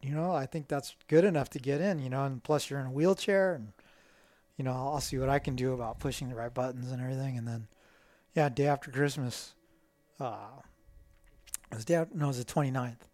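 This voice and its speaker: A middle-aged man, a guest, telling stories in a casual, animated way and acting out the voices of people in them. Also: medium pitch, a little fast, no room sound. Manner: animated, acts out quoted dialogue. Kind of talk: casual storytelling.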